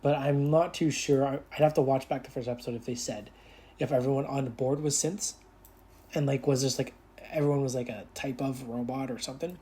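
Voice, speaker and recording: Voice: medium pitch, fairly even intonation, warm tone. Casual reviewer, mid-range voice, loose and chatty, filler-heavy recap with laughs. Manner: acts out characters' lines in quick put-on voices. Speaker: episode reviewer. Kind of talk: casual spoken TV episode review.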